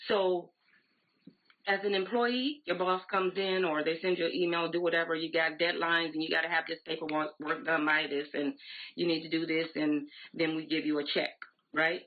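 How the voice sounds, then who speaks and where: A woman's voice: sits low, level tone, moderate pace. A woman in her forties giving an emphatic, repetitive motivational talk to her sales team on a live stream. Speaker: direct sales team leader. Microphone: phone or laptop live stream. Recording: tinny phone-like audio.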